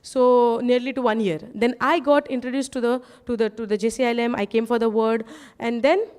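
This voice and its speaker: A woman, giving a sermon testimony to a congregation, often asking them "yes or no?" and dropping low and soft in her asides. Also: steady tone, a little fast, smooth.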